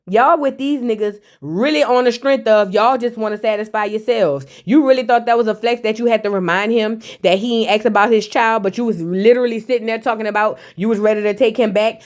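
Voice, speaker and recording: A woman's voice: a little high, a little fast, few pauses. A woman giving a blunt, sassy, casual recap of a reality TV episode, throwing in mocking asides and slang.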